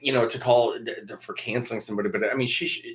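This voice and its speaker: A man's voice: mid-range voice, steady tone, racing. A man from Northern Michigan, a trial lawyer chatting as a guest over drinks, speaking emphatically and often restarting and repeating words. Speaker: guest, litigation attorney. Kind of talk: casual chat over drinks.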